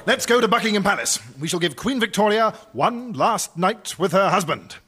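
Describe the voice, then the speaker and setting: A man's voice: high voice, expressive, moderate pace, pushed and bright, breathy edge, faint music behind, exaggerated voice. A man playing a smug, scheming Victorian aristocrat who leads the plot in a comedy sketch. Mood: brisk.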